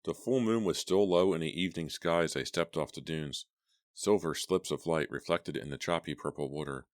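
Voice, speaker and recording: A man narrating a horror novel as an audiobook, steady and deliberate. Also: very deep voice, no room sound, studio quality.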